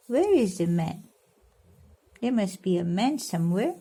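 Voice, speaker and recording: A woman reading a storybook aloud to her godchildren, pausing to explain and coax them with questions. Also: medium pitch, very animated. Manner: warm, coaxing, explains and asks children questions. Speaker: godmother reading to children.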